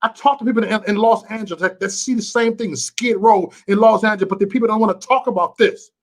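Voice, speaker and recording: A man's voice: high-pitched, fast. A man from Chicago ranting bluntly and profanely on a vlog livestream, preachy and repetitive, talking to his chat viewers. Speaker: vlogger and livestream host.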